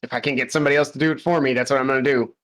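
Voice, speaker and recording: A man's voice: mid-range voice, fairly even intonation, racing, fairly bright tone, low-quality recording. A man playing a tabletop game in casual chat, joking and asking questions about the rules. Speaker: player.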